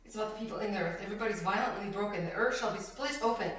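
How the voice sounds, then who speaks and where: A woman's voice: medium pitch, very fast. A woman leading a conversational Bible study, reading verses and laughing between them as she explains. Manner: animated, laughs between scripture lines. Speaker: Bible teacher. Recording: echoey room, distant mic.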